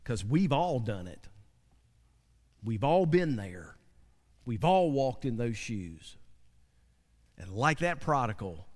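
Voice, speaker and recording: Preacher guy, high pitched, fired up, asking the crowd stuff, big echoey church. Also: measured pace, long pauses. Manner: animated, preachy with call-and-response asides. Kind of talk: sermon. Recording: long hall reverb.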